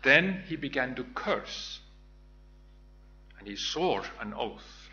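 A man's voice: mid-range voice, big pitch swings, takes it slowly, pauses often, sharp tone, highs cut off, faint music behind. A man giving a Bible teaching sermon, retelling scripture in a reflective storytelling way with small restarts. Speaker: preacher.

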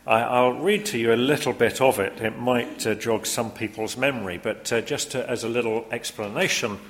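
Man talking haltingly to an audience. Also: mid-range voice, in a large hall. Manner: halting, many pauses and fillers. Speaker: speaker addressing an audience. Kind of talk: casual talk.

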